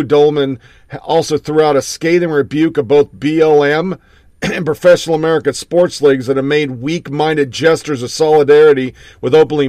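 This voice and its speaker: A man's voice: on the high side, dry recording, studio quality. A man hosting a talk show, reading news items aloud with sarcastic commentary. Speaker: show host.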